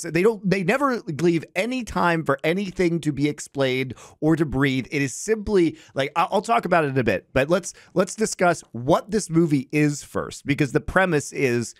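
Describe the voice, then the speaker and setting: A man hosting a casual film podcast, walking through the story at length. His voice moves around a lot in pitch, recorded dry and close. He often stumbles over his words, restarts, and laughs. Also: dry recording. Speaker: podcast host. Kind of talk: casual chat.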